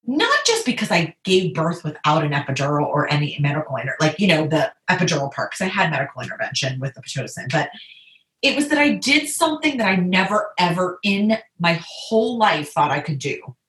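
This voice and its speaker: Animated woman telling a lively story. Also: fairly quick. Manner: animated, laughs often, quotes others in high voices. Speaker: guest telling her birth story. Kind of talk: casual personal storytelling. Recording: echoey room.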